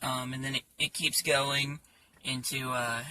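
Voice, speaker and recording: A man talking casually about his songs in a halting way, with many fillers and restarts. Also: mid-range voice, flat delivery, recorded from a distance, background noise. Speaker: songwriter.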